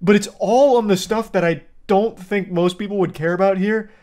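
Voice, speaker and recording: A man's voice: sits high, steady tone, normal speed, darkish tone. A young man giving casual, rambling commentary on a TV show, crude and amused. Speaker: show reviewer.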